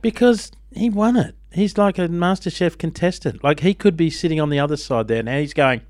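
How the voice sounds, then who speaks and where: Male breakfast radio host, fairly high voice, playful mock-outraged banter, dry studio sound. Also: a little fast, no room sound. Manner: animated, mock-outraged ranting. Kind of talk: casual on-air banter. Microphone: studio microphone.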